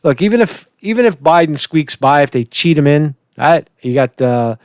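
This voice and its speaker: A man's voice: a little high, lively intonation, moderate pace, clean tone, dry recording, studio quality. A man giving casual political commentary, rambling and opinionated, who often repeats words and restarts sentences.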